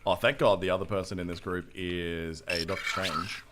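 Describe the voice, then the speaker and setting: A young man streaming a game, chatting casually with a relaxed, joking manner and casual swearing. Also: low voice, normal speed, background noise. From Australia. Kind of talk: casual gameplay chat.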